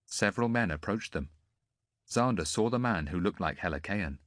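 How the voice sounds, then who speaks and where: A male narrator reads an audiobook in a deep voice with lively, shifting intonation. The recording is dry and close. His delivery is expressive and varied. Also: normal speed, dry recording.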